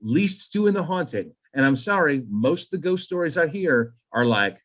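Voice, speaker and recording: A podcast co-host with a slightly higher man's voice, chatting in a rambling, profane way. He moves quickly from story to aside and back. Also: sing-song, fairly bright tone. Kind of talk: casual podcast chat.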